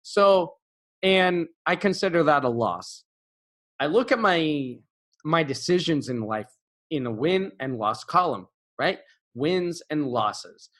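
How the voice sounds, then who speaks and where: A young man with a fairly high voice tells a classroom story in a casual, unscripted way. He jumps up in pitch to act out what people said and often stops to add fillers and correct himself, the way a teacher talks when speaking freely. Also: takes it slowly. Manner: animated, acts out quotes with pitch jumps; frequent fillers and self-corrections. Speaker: English teacher.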